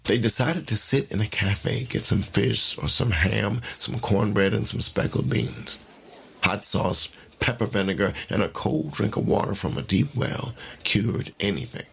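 A man narrating a story in an unhurried, folksy way. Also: lowish voice, vocal fry.

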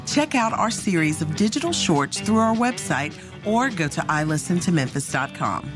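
A woman reads a scripted closing announcement in a clear, friendly way. Her voice is low, with lively rises and falls. Guitar music plays clearly behind her. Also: normal speed.

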